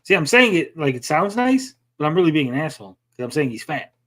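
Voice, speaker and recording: A man with a fairly high voice riffs through a livestream in loose, profane banter. He mocks freely and keeps tacking "bud" onto his lines, his tone one of easy trash talk. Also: sing-song, fast, fairly bright tone. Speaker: livestream co-host. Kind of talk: crude casual banter on a stream.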